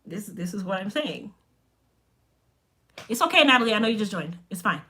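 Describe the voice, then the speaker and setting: A woman's voice: mid-range voice, big pitch swings, moderate pace, bright, forceful tone. A woman from Chicago with a Chicago accent and Jamaican touches, a hair care business owner telling a story on a casual live stream, blunt and straight-talking. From Chicago, United States.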